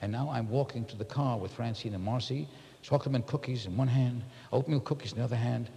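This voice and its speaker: A man's voice: medium pitch, fast, creaky, warm tone. A man giving a personal, confessional talk to a live group, earnest and reflective as he speaks to the room. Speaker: workshop speaker. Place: large room with an audience. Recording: reverberant hall.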